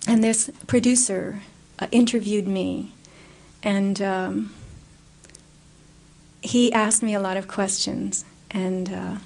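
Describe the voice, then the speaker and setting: Woman, guest speaker, public Q&A, earnest, animated storytelling, mid-range pitch. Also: takes it slowly, gravelly, pauses often. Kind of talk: public talk and audience Q&A.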